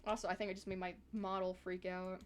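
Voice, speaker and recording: A woman's voice: medium pitch, little pitch movement, fairly quick, background noise. A woman from the American South chatting casually on a live stream, rambling with lots of fillers.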